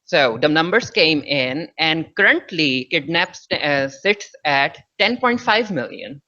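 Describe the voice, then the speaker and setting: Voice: mid-range voice, lively intonation, slow pace, pushed and bright. An interviewer asking questions in a chatty, informal way and building up to its news. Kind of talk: casual interview. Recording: dull, lo-fi sound.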